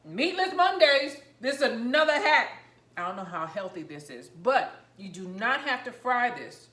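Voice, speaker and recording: A woman vlogging about home cooking, chatting excitedly and rambling while she tastes and eats her food. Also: a little high, moderate pace, echoey room. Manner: talking while eating, mouth full. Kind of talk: casual cooking vlog, tasting on camera.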